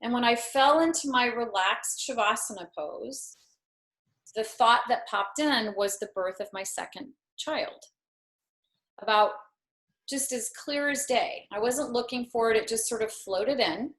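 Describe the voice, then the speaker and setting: A woman's voice: on the high side, measured pace, fairly bright tone. A woman in her fifties, a yoga teacher and guest, telling a personal story in an earnest, reflective way with light self-mockery. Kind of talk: personal storytelling in a talk show. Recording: roomy echo.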